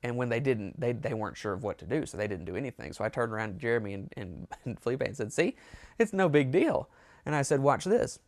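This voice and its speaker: A man's voice: on the low side, rapid-fire, few pauses, dry recording. A man telling a rambling, amused story in a casual storytime monologue. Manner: rambling, amused, with self-corrections. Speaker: storyteller, show host.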